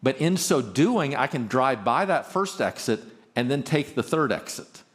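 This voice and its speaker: A middle-aged pastor from Arkansas gives an earnest conference talk on marriage in an animated, medium-pitched voice at a measured pace. He often stumbles and repeats his openings.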